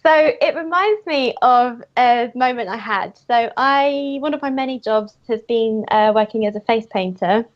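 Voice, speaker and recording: A woman's voice: fairly high pitch, moderate pace, few pauses. A woman, a guest comic creator, telling casual anecdotes with frequent giggles. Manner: giggly, lively storyteller. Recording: muffled lo-fi audio.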